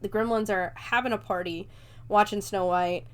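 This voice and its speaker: A woman's voice: medium pitch, steady tone, normal speed. A young woman hosting a podcast, chattily recapping a movie with lots of fillers and casual swearing. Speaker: podcast host.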